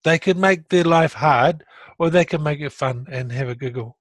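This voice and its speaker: A fairly high-pitched middle-aged man, speaking at a moderate pace with no echo, is a guest recalling his stroke recovery. The conversation is casual, and he comes across blunt and earnest, animated whenever he retells things.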